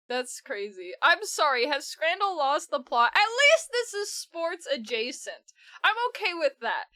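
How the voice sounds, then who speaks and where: High-voiced woman streamer ranting and cursing, bright dry sound. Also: a little slow, no echo. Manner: animated, swears a lot, bursts into laughter. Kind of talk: casual live-stream commentary.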